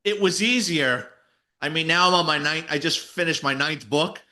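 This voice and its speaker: A man, a retired detective and author, telling stories in a casual interview, animated and salty. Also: a little high, moderate pace. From New York City. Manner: animated storyteller, voices quoted people, swears casually.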